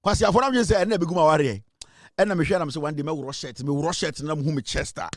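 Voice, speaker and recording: A young man with a Ghanaian accent hosting live political commentary in a mocking, animated way, often laughing and swinging between loud and low. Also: fast talker, no room sound, studio quality. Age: young adult.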